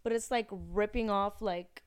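Chatty young woman, smooth clear voice. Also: mid-range voice, steady tone, measured pace, dry recording, clean studio sound. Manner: chatty, laughing, acts out customers in quotes. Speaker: podcast co-host. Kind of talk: casual chat.

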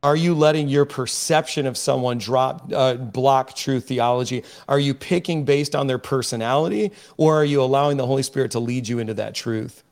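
A man's voice: mid-range voice, moderate pace, few pauses. A man speaking as a podcast guest, emphatic and preachy, often restarting his sentences as he builds his point. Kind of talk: impassioned podcast discussion.

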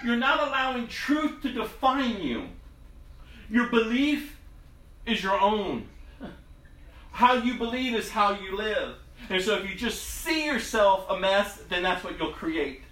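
A man's voice: high-pitched, lively intonation, unhurried, sharp tone, roomy sound, far from the mic, low-quality recording. A man preaching a sermon in a conversational, storytelling way. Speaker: pastor.

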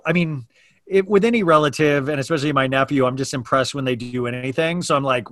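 A man's voice: a little high, quick pace, fairly bright tone, dry recording, studio quality. Candid man hosting a podcast. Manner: open, rambling with restarts. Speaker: podcast host. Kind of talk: casual chat.

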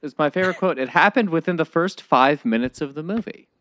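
A young man in a casual film discussion, halting with many fillers and laughing. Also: on the high side, animated, a bit bright, no room sound.

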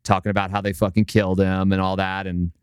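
A man with a very low, smooth, resonant voice, recorded close and dry. He chats casually and profanely, piling up fillers as he retells a scene. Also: level tone, fast, no echo. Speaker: podcast co-host. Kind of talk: casual chat.

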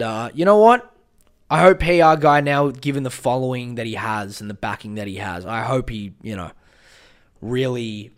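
A man hosting a podcast, ranting heatedly and profanely in a rambling, casual way. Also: mid-range voice. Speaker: podcast host. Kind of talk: casual political rant.

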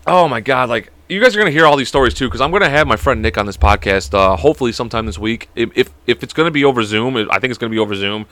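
A young man hosting his own podcast, telling high school stories in a rambling, profane way and laughing at them. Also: racing, few pauses, fairly bright tone, no room sound. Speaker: podcast host. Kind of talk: casual storytelling monologue.

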